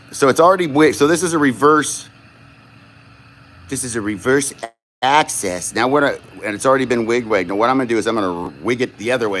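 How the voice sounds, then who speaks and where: A man chatting casually and cursing as he demonstrates glassblowing live to viewers. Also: mid-range voice. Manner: rambling, profane, self-distracted. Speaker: glassblowing livestreamer.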